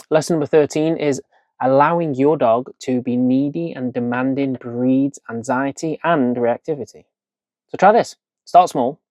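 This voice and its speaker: A man, a dog trainer giving a chatty, direct instructional lesson with quick asides. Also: medium pitch, a little mellow, no echo.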